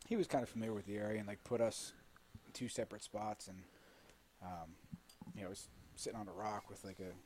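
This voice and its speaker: A man guest on a podcast telling a hunting story casually, animated and laughing, swearing freely. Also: on the low side, fast, slight background noise. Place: studio.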